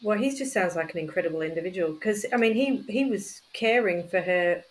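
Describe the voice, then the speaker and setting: A woman's voice: lowish voice, fairly quick, rough recording. A woman interviewing a guest, hesitant and admiring, restarting sentences as she responds. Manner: warm, hesitant, reacting with praise. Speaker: interviewer, host. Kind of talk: conversational interview.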